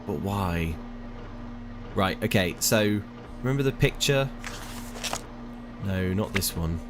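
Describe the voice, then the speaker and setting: Young male streamer, low voice, unhurried, mutters through puzzles, easily exasperated. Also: animated, noisy background. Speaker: let's play streamer. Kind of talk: casual gameplay commentary.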